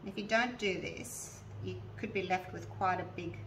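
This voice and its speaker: An Australian resin artist chats through a casual, hands-on craft tutorial, narrating each step aloud and talking directly to her viewers. Her voice is lowish, gravelly, fairly bright, and steady at a moderate pace. The rough recording catches her a little back from the mic, with a faint hiss underneath.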